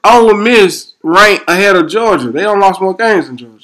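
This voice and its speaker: A man needling his friends in casual sports banter, skeptical and quick with jabs. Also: high voice, lively intonation, fairly bright tone.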